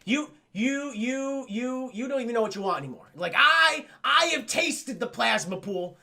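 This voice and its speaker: A twitchy male scientist, put on by a man retelling a film, who stammers and swears through hyper, pushy bursts. Bright and high with a gravelly edge, he then sinks into a low, sleazy mumble when he brags. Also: lively intonation, fast. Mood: manic, pushy. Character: manic, twitchy male scientist turning strange.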